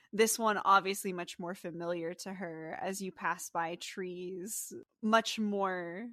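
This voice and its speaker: A woman narrating a tabletop game as game master in a descriptive, softly paced way. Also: medium pitch, dry recording, clean studio sound.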